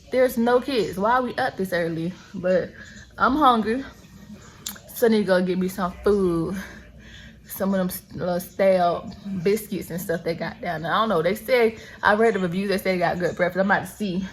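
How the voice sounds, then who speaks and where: A woman's voice: lowish voice, normal speed, rough recording. A woman in her thirties chatting casually to camera in a vlog, talking straight to her viewers and laughing often. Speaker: vlogger.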